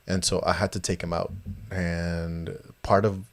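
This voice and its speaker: A man's voice: low-pitched, level tone, unhurried, no room sound. A man hosting a podcast in casual chat, rambling with many fillers and restarts. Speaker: podcast host.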